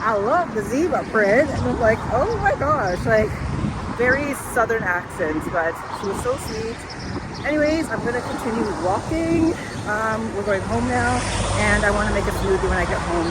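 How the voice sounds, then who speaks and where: A woman's voice: on the low side, bright, forceful tone, rough recording. Chatty young woman vlogging on a walk. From Canada. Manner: chatty, rambling, lots of "like" and "um". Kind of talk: casual vlog chat. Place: outdoors on a walk, then at home.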